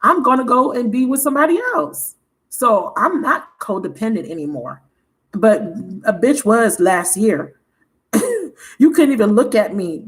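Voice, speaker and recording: Frank, animated woman with a higher voice. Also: unhurried, poor audio. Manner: frank and animated, swears freely, laughs often. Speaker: tarot reader and channel host. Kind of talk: candid livestream chat.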